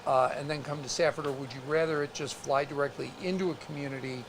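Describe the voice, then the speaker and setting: A man co-hosting a casual live stream, speaking haltingly with many restarts and reading viewer comments aloud. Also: a little high, steady tone, noisy background. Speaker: co-host.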